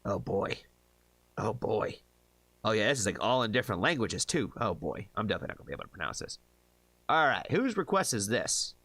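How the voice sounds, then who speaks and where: A man's voice: lowish voice, big pitch swings, brisk, a bit bright, no room sound. A man from the United States hosting a casual livestream, chatty, laughing often and tripping over hard names. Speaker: livestream reaction host.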